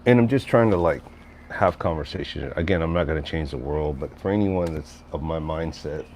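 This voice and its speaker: A man's voice: very deep voice, brisk, a little mellow, a little hiss or hum. A middle-aged man rambling casually on a livestream, reading chat messages aloud and answering viewers. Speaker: livestream host.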